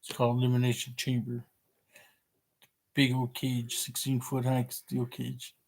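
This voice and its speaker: A man co-hosting a casual live stream, giving short, relaxed replies. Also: medium pitch, unhurried, vocal fry, low-quality recording.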